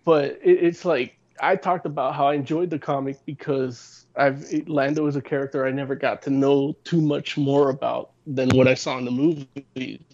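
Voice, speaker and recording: A man's voice: mid-range voice, fairly even intonation, normal speed, hardly any pauses, a little mellow. A man hosting a podcast in casual chat, rambling and hesitant with lots of restarts. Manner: rambling, full of fillers and restarts. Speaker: podcast host. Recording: slightly dull lo-fi sound.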